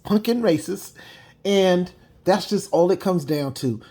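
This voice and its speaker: A man's voice: sits high, unhurried, a little mellow. A man giving emphatic reaction commentary, repeating his points and adding mocking asides. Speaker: video commentator.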